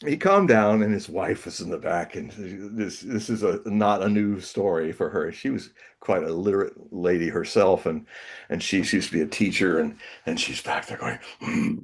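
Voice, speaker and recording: A man with a fairly low voice speaks as an interview guest. He tells a long story casually, laughs often, stumbles and restarts, and slips into animated voices for the people in it. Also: moderate pace.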